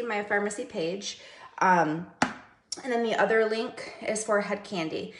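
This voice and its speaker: A woman's voice: mid-range voice, creaky, echoey room. A woman hosting a casual makeup livestream, chatty and greeting viewers by name.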